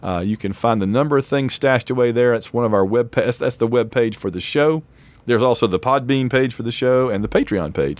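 A hoarse man co-hosting a podcast in casual chat, rambling and laughing often. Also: medium pitch. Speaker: podcast co-host; lecturer.

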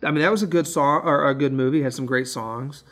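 A man co-hosting a casual film review chat, relaxed and rambling with lots of fillers. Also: medium pitch, fast. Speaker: podcast co-host.

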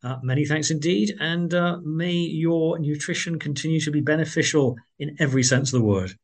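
A man's voice: on the high side, moderate pace. A man hosting a radio interview, chatty and upbeat, with frequent filler sounds. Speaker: radio host.

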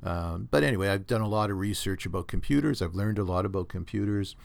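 A man's voice: low voice, fast, vocal fry. A Canadian man hosting a solo podcast, rambling and opinionated, with many restarts, recorded on a computer at home. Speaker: podcast host. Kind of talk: casual solo podcast monologue. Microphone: computer recording setup.

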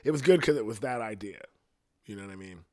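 A man's voice: fairly low pitch, expressive, fast, mellow. Rambling profane man hosting a solo podcast. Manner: loose, profane, rambling with many "you know what I mean". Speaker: podcast host.

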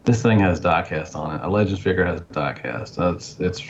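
A man co-hosting a casual podcast, talking haltingly with many fillers. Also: low-pitched, lively intonation, muffled recording, a little hiss or hum. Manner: halting, full of fillers, enthusiastic. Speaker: podcast co-host. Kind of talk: casual chat.

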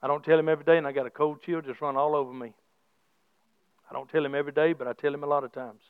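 A middle-aged man preaching a sermon as pastor, his delivery swinging from soft low talk to shouted praise, with folksy church grammar. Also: flat delivery, rapid-fire, smooth, no room sound. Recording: slightly dull lo-fi sound.

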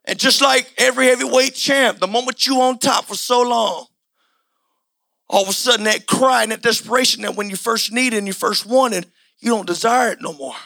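A male preacher delivering a sermon in loose, everyday speech, circling back over his phrases and often building to a shout. His voice is high and sharply bright. A gravelly edge runs through it. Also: normal speed. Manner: impassioned, colloquial, repetitive, often shouting.

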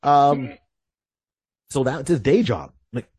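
A man co-hosting a podcast, telling stories in an animated, joking way with frequent restarts. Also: medium pitch, takes it slowly, slightly rough. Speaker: podcast co-host. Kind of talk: casual podcast chat.

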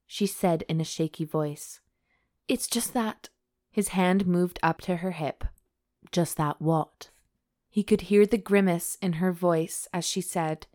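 A woman reading aloud, voicing a shy, teasing young noblewoman bride in a higher, delicate voice. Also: darkish tone.

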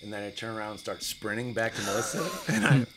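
A man in his forties, a podcast guest, telling casual stories in an animated way and acting out other people's lines. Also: fairly low pitch, quick pace, a crowd in the background. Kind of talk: casual storytelling.

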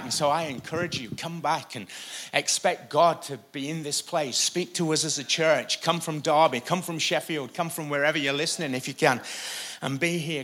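A pastor delivering a sermon from a church stage, preaching with animated emphasis and occasional jokes. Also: male voice, on the high side.

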